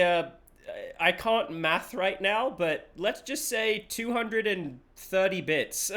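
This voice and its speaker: A man's voice: sits high, pushed and bright. A man streaming a game live, chatting playfully, laughing often and swearing casually, at a desk mic.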